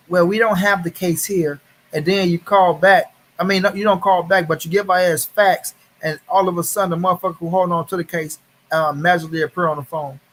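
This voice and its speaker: On a livestream, a man whose voice sits high with a fairly bright tone is fuming and cursing. He keeps repeating phrases for emphasis, says hi to viewers in chat by name, and keeps the angry commentary casual.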